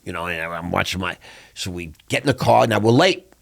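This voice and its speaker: A man hosting an interview, telling a personal story in a lively, animated way. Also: low-pitched, brisk, creaky. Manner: animated storyteller, acts out quoted voices. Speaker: podcast host.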